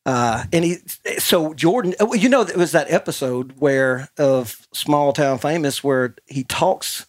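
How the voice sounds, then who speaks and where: A man's voice: a little high, a little slow, no echo, studio quality. A man hosting a podcast, telling a rambling anecdote in casual chat and laughing often. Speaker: podcast host.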